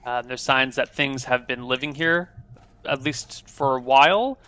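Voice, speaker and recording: A man runs a tabletop game with a bright, forceful voice that sits at an ordinary pitch. He narrates scenes in an easygoing, improvised way. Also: measured pace, clean tone. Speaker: game master.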